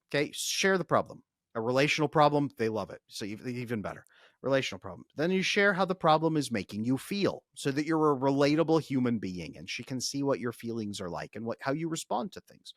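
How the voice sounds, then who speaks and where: A man talking as a podcast guest, coaching listeners with animated, acted-out examples. His voice sits at an ordinary middle pitch, and the recording is dry and close with no room sound. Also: fairly quick, no room sound. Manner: animated, explanatory, talks through acted examples. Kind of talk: podcast interview.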